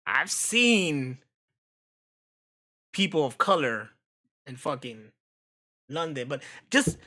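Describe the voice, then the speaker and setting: A man hosting a live stream, chatting casually with viewers in a joking, profane, animated way. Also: a little high, slow. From United States.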